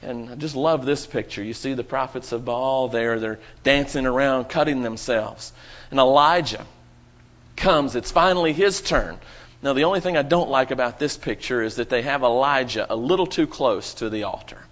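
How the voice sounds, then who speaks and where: A man's voice: mid-range voice, normal speed, fairly bright tone, highs cut off. A man preaching a sermon to his congregation, with dramatic rising and falling emphasis.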